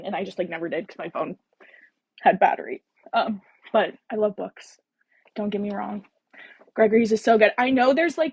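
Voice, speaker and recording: A woman's voice: medium pitch, darkish tone, husky, no echo. A woman co-hosting a book podcast, chatting casually and reading a novel aloud on a live stream, with chatty, self-deprecating asides. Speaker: podcast co-host.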